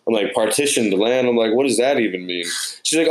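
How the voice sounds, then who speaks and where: Speaking fairly quickly with few pauses, a New York man in a mid-range voice recounts his time as a production sound mixer during an interview. He performs the dialogue of people from his stories, and the audio is poor.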